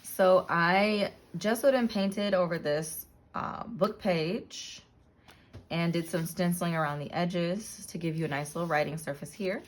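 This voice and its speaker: A woman casually narrating a flip-through of her handmade journal, relaxed, with frequent ums and self-corrections. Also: lowish voice, unhurried.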